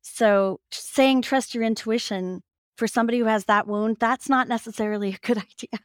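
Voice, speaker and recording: A woman talking as an interview guest, a physician and author, telling stories with lively laughter. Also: on the high side, normal speed, smooth, no echo, clean studio sound. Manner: lively storyteller who laughs and acts out quoted voices. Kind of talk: casual interview conversation.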